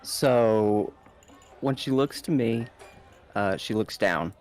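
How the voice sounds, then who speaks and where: A man's voice: fairly low pitch, slow, darkish tone, faint music behind. Man describing his game character casually. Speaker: player.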